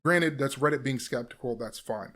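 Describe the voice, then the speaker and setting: A young man casually telling a personal scare story, profane and animated, with loud bursts and hushed asides. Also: mid-range voice, normal speed.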